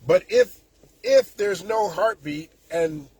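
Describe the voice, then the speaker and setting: Indignant husky man ranting. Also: high voice, takes it slowly, darkish tone. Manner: indignant, sarcastic, emphatic with frequent restarts. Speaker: political commentator. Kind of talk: casual political rant.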